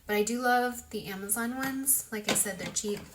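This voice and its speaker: A woman talking through a casual makeup tutorial in a loose, chatty way, full of fillers, sometimes dropping to a soft whisper as she works. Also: fairly high pitch, moderate pace, noisy background. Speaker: beauty vlogger.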